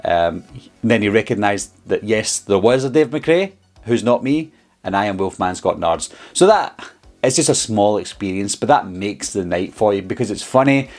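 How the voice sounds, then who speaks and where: A man's voice: lowish voice, expressive, normal speed, a little mellow. A man with a Scottish accent, telling a story in a casual vlog in a chatty, rambling way with lots of ums and uhs. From Scotland. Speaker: horror YouTuber.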